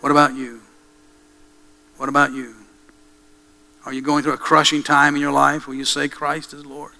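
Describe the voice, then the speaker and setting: A male preacher telling a dramatic story in a sermon, with hushed pauses and slow, emphatic repetition. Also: a little high, flat delivery, gravelly, soft background music, rough recording.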